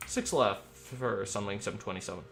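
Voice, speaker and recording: A man streaming himself as an air traffic controller. He talks in an upbeat, rambling way between crisp radio calls. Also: on the low side, a little fast, a bit bright, faint music behind. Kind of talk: live-stream commentary mixed with radio phraseology.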